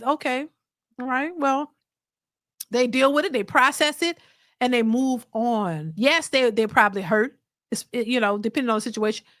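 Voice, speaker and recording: Woman streamer, high voice, blunt and lively, chatting casually and mocking people. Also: dry recording, clean studio sound. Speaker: livestream host reading super chats. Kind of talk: casual opinion commentary.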